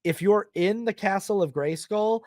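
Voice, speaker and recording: Animated high-voiced male film podcaster. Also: moderate pace, dry recording, clean studio sound. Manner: animated, acts out characters in silly quoted voices. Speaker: podcast host. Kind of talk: casual film podcast chat.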